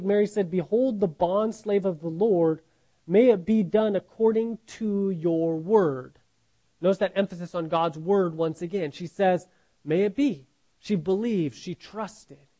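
An earnest male preacher teaching from scripture, his voice sitting high. He asks the listeners question after question, often restarting words and tagging lines with "right?". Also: a little slow, mellow, rough recording. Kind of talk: sermon, Bible teaching.

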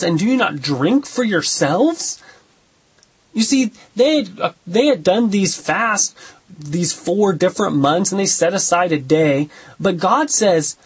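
A man's voice: high voice, breathy edge. A man preaching an expository sermon, reading scripture aloud and explaining it in an earnest teaching tone with rhetorical questions.

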